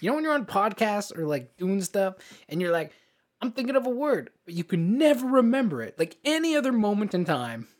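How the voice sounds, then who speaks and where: A man's voice: sits high, sing-song, brisk. A man in his thirties co-hosting a podcast, chatting in a loose, rambling way and laughing often. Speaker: podcast co-host. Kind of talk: casual chat.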